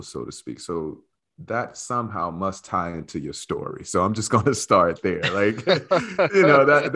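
A male podcast host in casual, playful interview chat, teasing his guest warmly. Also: lowish voice. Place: away from his studio, on the road.

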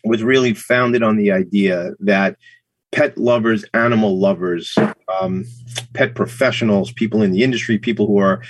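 A man's voice: fairly low pitch, fairly even intonation, normal speed, no room sound. A man co-hosting a show, chatting casually in a playful, joking way. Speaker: podcast co-host. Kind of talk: casual chat.

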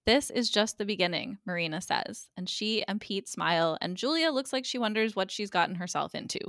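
Bright-voiced woman recapping a show. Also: mid-range voice, lively intonation, brisk, dry recording, studio quality. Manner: chatty, acts out character lines in quotes. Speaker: guest co-host recapping episodes. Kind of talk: casual podcast chat.

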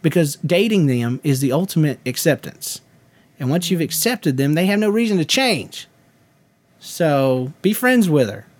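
A man puts on a loud, charismatic Southern preacher with a folksy twang. The voice sits a bit high and swoops all over. The delivery is emphatic in a mock sermon. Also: animated, measured pace. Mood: preachy.

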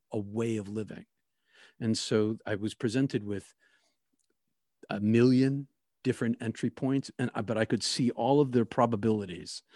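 A man recounting a personal experience in a reflective, halting way, often restarting his sentences. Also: fairly low pitch, darkish tone, no echo, clean studio sound. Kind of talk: personal testimony.

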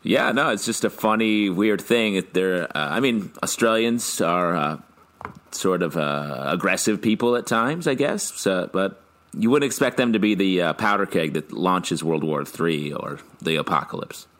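A man's voice: low voice, a little slow, fairly bright tone. A man co-hosting a podcast, musing hesitantly with many fillers in casual chat. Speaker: podcast co-host.

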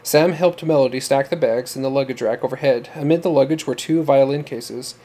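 Mellow male storyteller. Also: medium pitch, fairly quick. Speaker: narrator. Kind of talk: scripted audiobook narration.

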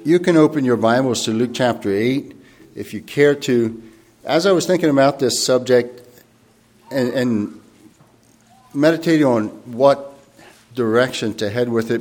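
Male preacher, mid-pitched voice, earnest and reflective, reads verses slowly and formally. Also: darkish tone. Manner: thoughtful and earnest, often pausing and rephrasing. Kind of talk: sermon.

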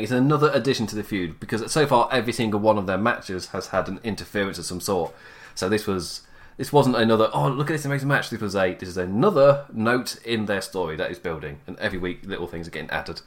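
A young man with a slightly low voice gives a casual spoken recap. He keeps it loose and chatty, laughs often, and acts out quoted lines in playful mock voices. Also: fairly bright tone. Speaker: wrestling show reviewer.

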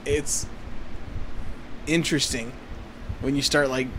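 A man's voice: mid-range voice, fairly even intonation, slow, fairly bright tone, a little hiss or hum. A man in casual chat, swearing often and rambling through his stories. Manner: profane, rambling, restarts.

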